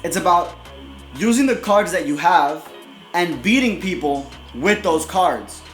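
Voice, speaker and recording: A man with a high voice talks in a blunt, aggressive, profane way, tagging "right?" onto nearly every line. His casual motivational monologue is recorded in an echoey room. Faint music plays behind him. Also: animated, a little slow, a bit bright. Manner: profane, repeats "right?" constantly. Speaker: motivational video host.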